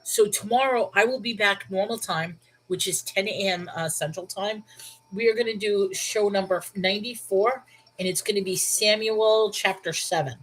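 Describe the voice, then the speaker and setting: A woman's voice: medium pitch, moderate pace, slight background noise, rough recording. A congested woman hosting a Bible reading show, reading scripture and then musing aloud about it in an earnest, questioning way. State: congested, stuffy-nosed. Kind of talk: scripture reading with casual commentary.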